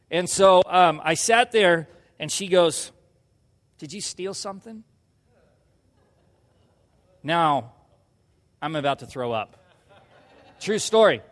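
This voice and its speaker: Pastor guy telling a story from the pulpit, high voice, swings from hushed to loud, big church echo. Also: lively intonation, slow pace, long pauses. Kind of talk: sermon with personal story.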